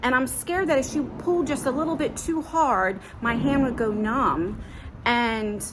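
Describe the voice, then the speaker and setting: Middle-aged woman vlogger, higher-pitched, loose chatty delivery while walking outside, light background hiss. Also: a little slow. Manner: chatty, rambling, many fillers. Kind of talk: casual walk-and-talk vlog. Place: outdoors on a walk.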